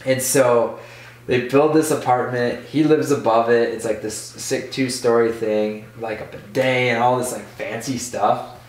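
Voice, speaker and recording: A man who is a podcast guest telling a casual story in an animated way, full of "like". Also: medium pitch, a little slow, far from the mic. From Michigan. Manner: animated, full of "like", acts out voices in quotes. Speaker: podcast guest, BMX rider. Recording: echoey room, off-mic.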